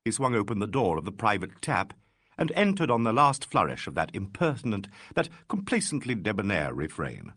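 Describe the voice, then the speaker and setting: A man narrating a classic mystery audiobook with expressive, varied delivery. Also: on the low side, fairly quick, slightly rough, dry recording, studio quality.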